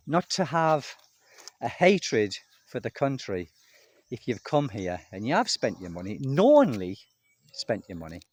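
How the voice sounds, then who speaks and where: Middle-aged guy rambling to his viewers out in the garden, voice swinging up and down a lot. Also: medium pitch. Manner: chatty, rambling, addresses viewers as people. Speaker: expat vlogger. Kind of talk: casual talk to camera. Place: outdoors in a home garden.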